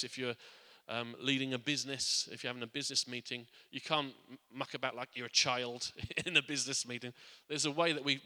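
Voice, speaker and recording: A man preaching in a church, his voice very bright and forward, with a long reverb ringing around the hall. He speaks earnestly, often restarting and repeating words, and sinks quiet and soft on his reflective points. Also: medium pitch. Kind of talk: sermon.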